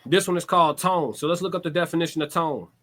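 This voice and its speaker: A man talking casually to his stream chat in a slightly high voice. He is direct and laid-back, drifting through slangy asides and repeated phrases as he thinks aloud. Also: fast talker, fairly bright tone. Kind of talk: casual livestream monologue.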